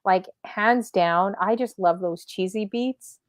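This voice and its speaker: A woman's voice: mid-range voice, takes it slowly, no echo. A woman in her forties hosting a casual livestream talk show, chatting easily, reading out viewer comments and laughing often. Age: 40s.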